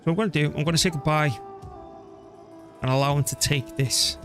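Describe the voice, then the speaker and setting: Here a streamer with a slightly high, somewhat bright male voice talks a little quickly through a strategy game, muttering and dropping the odd mild swear. Soft background music accompanies his casual gameplay commentary.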